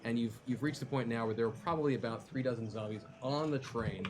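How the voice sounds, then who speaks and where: A man's voice: medium pitch, quick pace. Man narrating as game master, noisy mic. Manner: hesitant, many ums and restarts while describing the scene.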